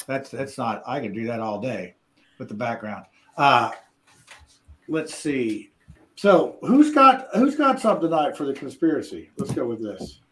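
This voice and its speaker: A man's voice: medium pitch, big pitch swings, measured pace. A man hosting a casual talk show, rambling and joking as he sets things up. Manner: rambling, self-interrupting, jokey. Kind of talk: casual chat.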